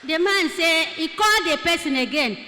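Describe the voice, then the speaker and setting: A woman's voice: extremely high pitch, animated, moderate pace, sharp tone. A Nigerian woman giving a testimony in church, telling her story with Pidgin phrases mixed in. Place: church hall. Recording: echoey church hall.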